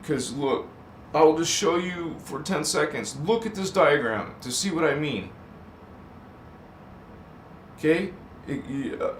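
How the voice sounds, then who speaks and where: A man's voice: fairly high pitch, expressive, slow, pauses often, a little hiss or hum. A middle-aged man hosting a live stream, reading viewer comments aloud and drifting into tangents with frequent laughs. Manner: rambling, goes off on tangents, laughs often. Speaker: channel host. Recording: roomy echo.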